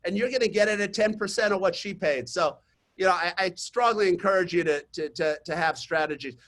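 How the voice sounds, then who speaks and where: A man's voice: sits high, brisk, fairly bright tone. Chatty man coaching a webinar audience. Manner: chatty storytelling, talks straight to the audience. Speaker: real estate marketing coach. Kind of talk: webinar presentation with sales pitch. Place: online webinar.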